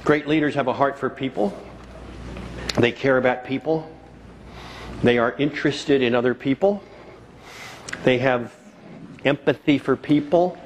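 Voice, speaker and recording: A man's voice: medium pitch, a little hiss or hum. Man giving a storytelling keynote. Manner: storytelling, repeats key phrases for emphasis. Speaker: keynote speaker. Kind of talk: motivational keynote speech. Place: conference hall before a live audience.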